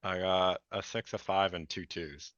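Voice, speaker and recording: A man playing a tabletop game, talking in a measured, thoughtful way. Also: deep voice, fairly even intonation, a bit bright, no echo, lo-fi sound. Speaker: player.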